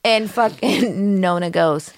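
A young woman chats on a podcast in a mid-pitched voice, cursing freely and laughing as she tells a wild family story. Her voice is recorded close and dry, with no room sound at all. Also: slow pace, dry recording. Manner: profane, animated storytelling with loud laughter. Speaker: podcast co-host. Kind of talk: casual chat, storytelling.

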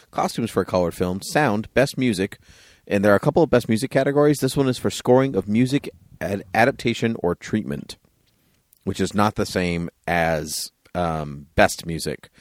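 This is a man hosting a casual podcast. His voice sits very low, and he laughs often while lightly teasing his co-host. The sound is dry and close, with no room echo. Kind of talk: casual chat.

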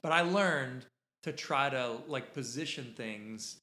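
A man's voice: medium pitch, takes it slowly, sharp tone. A man hosting a podcast, telling a casual story in a rambling, self-interrupting way. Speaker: podcast host. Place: podcast studio. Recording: echoey room.

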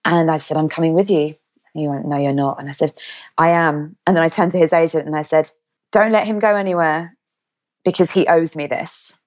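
A woman's voice: low voice, a little fast. Woman retelling a story vividly. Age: 30s. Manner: vivid, animated retelling with quoted dialogue. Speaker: guest. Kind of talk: storytelling in an interview.

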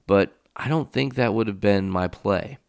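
Male podcast host, deep and resonant, casual rambling riffs, dry close sound. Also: moderate pace, gravelly, no room sound. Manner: rambling, enthusiastic riffing with fillers; casual swearing. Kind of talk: casual solo podcast talk.

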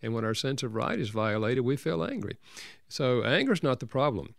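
An older man, a counselor and author, telling a personal story as an interview guest in an earnest, gentle way. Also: mid-range voice, sing-song, normal speed, vocal fry, dry recording, studio quality.

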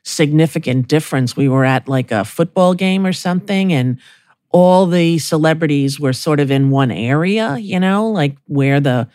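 A woman's voice: sits low, animated, moderate pace, a little mellow, dry recording, clean studio sound. A woman in her sixties hosting a podcast, chatting casually and affectionately with her guest. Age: 60s. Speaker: podcast host. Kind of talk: casual conversation.

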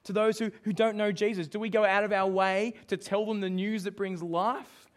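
A man's voice: sits high, fairly even intonation, moderate pace. A man preaching a sermon, emphatic and asking his listeners questions. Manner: emphatic, asks the congregation questions.

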